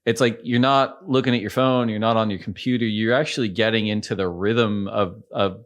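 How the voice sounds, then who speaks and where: Male podcast host, low voice, thoughtful, halting long questions. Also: steady tone. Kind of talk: conversational interviewing.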